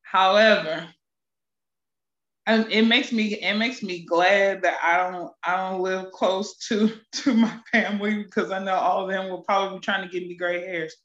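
A woman's voice: mid-range voice, fairly even intonation, normal speed, fairly bright tone, roomy sound, dull audio. A woman talking reflectively in a casual panel chat, often restarting her sentences. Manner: reflective, with self-corrections.

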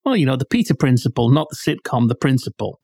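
A man's voice: medium pitch, big pitch swings, fast talker, dark tone, no room sound. A man co-hosting a podcast in casual chat, explaining things in detail and picky about what words mean. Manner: explanatory, pedantic about word meanings. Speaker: podcast co-host.

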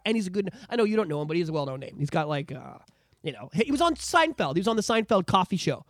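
This podcast co-host talks quickly and rants, throwing in swear words constantly. The voice leaps around in pitch and sounds dry and close on the microphone, like casual chat between friends. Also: no echo. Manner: profane, animated ranting.

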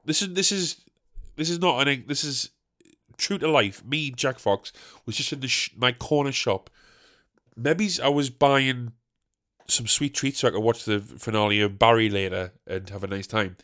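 A man's voice: medium pitch, normal speed, a bit bright. A British man hosting a solo comedy podcast, ranting in a sweary, rambling way. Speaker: podcast host.

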